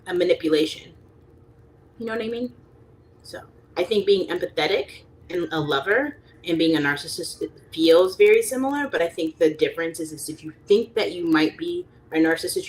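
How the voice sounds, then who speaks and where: A young woman with a low voice chats loosely to her livestream audience, wandering from thought to thought. She fills her talk with fillers and breaks into lively, high-pitched impressions of people she quotes. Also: brisk. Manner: rambling, chatty, lots of fillers, voices quoted people animatedly. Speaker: livestream host reading chat. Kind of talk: casual rambling livestream chat.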